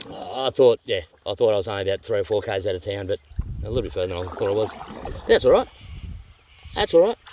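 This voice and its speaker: Fast-talking blunt Australian man. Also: on the low side, slight background noise. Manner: blunt, rambling, swears freely. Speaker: vlogger on a canoe trip. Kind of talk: casual vlog chat. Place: on a canoe on a river, outdoors.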